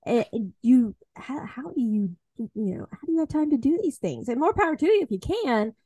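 A woman's voice: sits high, sing-song, moderate pace, dark tone, slightly rough, no room sound. A woman hosting a podcast, telling candid stories in a wry, casual way. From Southern United States. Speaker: podcast host. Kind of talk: casual conversational interview.

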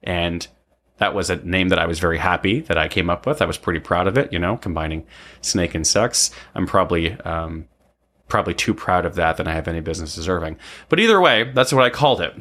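Telling a personal story in a loose, casual way, a man of about forty fills in with "um" and frequently asks "right?". He speaks a little fast in a low, slightly bright voice with fairly even intonation.

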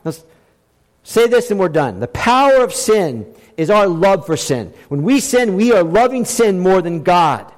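A middle-aged male pastor preaching a sermon emphatically, repeating key phrases and swinging between hushed and raised delivery. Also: high voice, very animated, measured pace. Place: church sanctuary. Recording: preaching in a reverberant hall.

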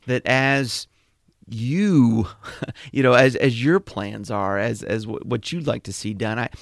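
A man co-hosting a podcast about scripture, speaking in a measured, reflective way and reading verses slowly. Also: medium pitch, vocal fry, dry recording, clean studio sound. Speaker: podcast co-host. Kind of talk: conversational Bible discussion.

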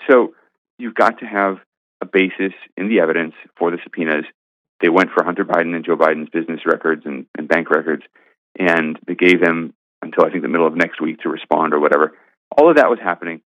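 Deep-voiced man arguing over a phone line. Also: brisk, no echo. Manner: emphatic, argumentative. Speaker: guest commentator, senior editor. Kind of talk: political commentary interview.

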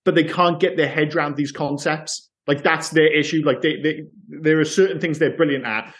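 A man co-hosting a podcast in casual chat, animated and hesitant, acting out what people said. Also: a little high, normal speed. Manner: animated, hesitant, acts out quotes. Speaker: podcast co-host.

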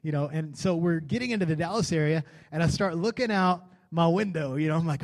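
A man's voice: fairly high pitch, quick pace, hardly any pauses, darkish tone. A man, a pastor preaching a sermon, telling a personal story in a casual, conversational way and building to fervent declarations.

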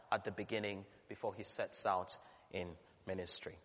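A man, a pastor, delivering a sermon with earnest emphasis that swells to loud peaks. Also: deep voice, steady tone, moderate pace. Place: church. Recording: long church reverb.

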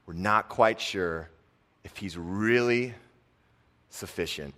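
A young man giving a casual, conversational sermon, dropping his voice soft on key lines. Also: lowish voice, slow. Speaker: preacher and football coach.

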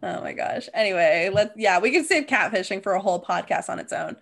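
A woman's voice: mid-range voice, expressive, brisk, creaky, fairly bright tone. A young adult woman co-hosting a podcast, telling stories in casual chat and saying "like" a lot. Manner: chatty storyteller, heavy use of "like". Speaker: podcast co-host.

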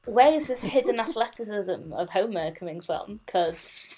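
A podcast co-host chatting casually in a relaxed, wry way, often pausing with ums. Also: male voice, sits high, crowd noise.

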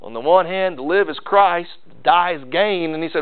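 A man's voice: high voice, normal speed, few pauses, clean tone. A male pastor preaching a sermon in a folksy, emphatic way, repeating key phrases. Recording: tinny phone-like sound.

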